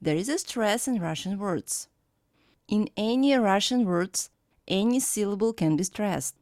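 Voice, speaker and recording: A woman teaching a language lesson, reading her script and sounding out example words slowly and carefully. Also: medium pitch, expressive, a little mellow, dry recording, clean studio sound. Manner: slow, careful, clearly pronounced examples.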